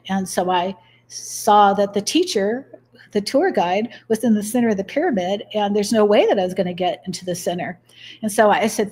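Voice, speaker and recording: A woman's voice: mid-range voice, normal speed, darkish tone. A middle-aged woman as an interview guest, telling personal stories earnestly and acting out the dialogue. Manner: earnest, acts out quoted dialogue. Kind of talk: interview storytelling.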